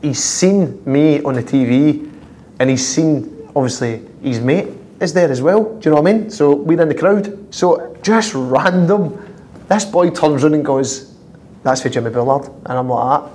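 A man with a Scottish accent, a footballer guest telling prank-call stories with lively laughter and constant "I says". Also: a little high, moderate pace, a little hiss or hum. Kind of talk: anecdotal storytelling.

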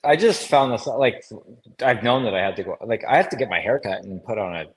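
A man's voice: fairly low pitch, lively intonation, brisk, slightly rough, low-quality recording. A man co-hosting a hockey podcast in casual chat, joking and self-deprecating and laughing often. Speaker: podcast co-host, former hockey player.

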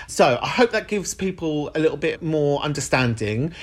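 A man's voice: fairly high pitch, lively intonation, normal speed. Podcast host guy, camp and chatty, calls everyone babes. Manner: warm-hearted, campy, calls people babes and sweet pea. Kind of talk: casual podcast chat.

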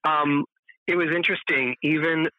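A man's voice: a little high, fairly even intonation, moderate pace, no room sound, phone-quality sound. A man who is a film director telling stories in an interview, rambling with many fillers and restarts. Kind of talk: relaxed anecdotal interview answers.

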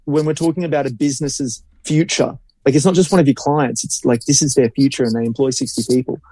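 A man's voice: mid-range voice, steady tone, fast, mellow, slightly rough, no room sound. A man, co-hosting a podcast as a marketing creative in casual chat, blunt and opinionated and swearing freely.

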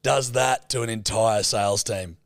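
A man's voice: on the low side, moderate pace, dry recording, clean studio sound. An Australian man co-hosting a podcast, chatting casually with swearing and laughter. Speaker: podcast co-host. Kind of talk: casual chat.

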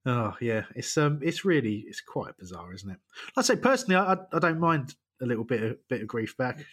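A man co-hosting a casual football podcast, sarcastic and quick to laugh. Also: medium pitch, lively intonation, a bit bright, slightly rough. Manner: jokey, sarcastic, laughs often. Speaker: podcast co-host.

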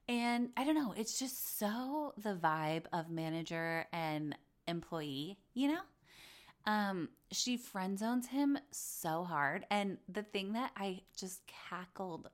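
A woman's voice: mid-range voice, expressive, takes it slowly, a bit bright. Young female host, casual and effusive, talks like chatting with a friend. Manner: gushing, chatty, acts out quoted voices. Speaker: podcast host. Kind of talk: casual chat about reality TV.

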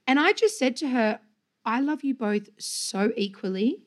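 A woman's voice: fairly high pitch, a little slow. A woman hosting a podcast, a mother chatting casually and acting out what her kids said. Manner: animated storyteller, acts out quotes. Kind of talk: casual chat.

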